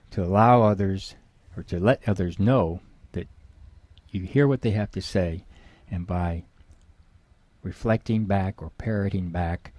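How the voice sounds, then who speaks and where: A low-voiced middle-aged man explains things to an interviewer. He leans on key words and acts out the example phrases he quotes. The sound is close and dry. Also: a little mellow, no echo. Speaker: guest expert.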